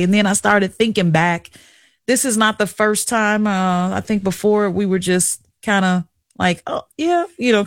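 A middle-aged woman hosts a radio talk show and speaks openly and with feeling. Her manner is confiding and chatty. The sound is dry and close to the mic, with no room echo. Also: fairly low pitch. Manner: candid, emotional, confiding, chatty. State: tearful at times. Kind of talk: emotional personal radio monologue.

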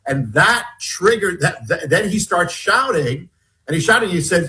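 A man, an author and guest on an interview show, telling a personal story emphatically and shifting between raised and hushed tones. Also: fairly high pitch, lively intonation, a little fast.

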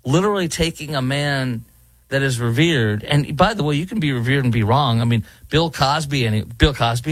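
Indignant talk radio host. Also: male voice, mid-range voice, moderate pace, no echo. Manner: indignant, rambling with fillers. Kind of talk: opinionated commentary. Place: studio in Dallas.

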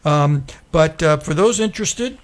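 A man's voice: fairly high pitch, lively intonation, unhurried. A man hosting a radio talk show, reading sponsor spots in a loose, chatty way with lots of ums and uhs.

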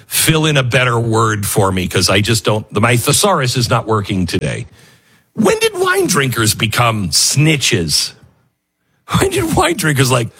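A man's voice: on the low side, normal speed, slightly rough. A man hosting a talk show, giving sarcastic, mocking opinionated commentary. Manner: sarcastic, mocking, lively with laughs.

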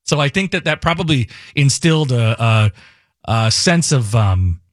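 A man filling in as host chats casually on the radio, his mid-range voice expressive and measured. Rambling and jokey, he corrects himself as he goes, recorded on a studio microphone with no room sound.

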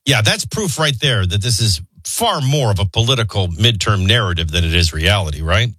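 A man's voice: lowish voice, expressive, a bit bright, breathy edge, no room sound. A man hosting a morning radio talk show, reading news and chatting with callers in a wry, conversational way while he has the hiccups. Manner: quick, conversational, wry asides.

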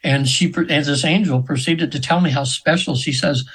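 A man's voice: fairly high pitch, steady tone, normal speed, a bit bright, husky, rough recording. A man in his seventies, a hypnotherapist telling a story as a guest in an interview, earnest and rambling with many restarts. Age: 70s.

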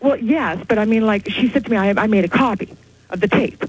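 A woman calling in to a radio talk show, telling a rambling, excited story. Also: mid-range voice, brisk, slightly rough, dry recording, low-quality recording. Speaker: caller. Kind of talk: call-in radio chat.

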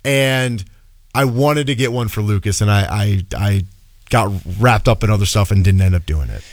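A man's voice: on the low side, normal speed, no room sound, studio quality. A man in casual podcast chat, telling a story animatedly with frequent restarts. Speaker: podcast co-host.

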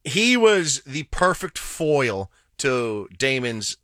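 A man co-hosts a casual movie podcast, running down a cast list with offhand jokes. His voice is bright and forward, and it sits dry and close to the mic. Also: medium pitch, sing-song, slow, no room sound. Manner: reads cast list, jokey asides. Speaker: podcast co-host. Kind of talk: casual movie review chat.

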